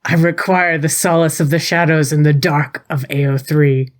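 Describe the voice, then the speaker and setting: A woman voicing a brooding demonic dark lord in grandiose, theatrical declaiming. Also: low-pitched, fairly even intonation, normal speed, slight background noise, natural voice.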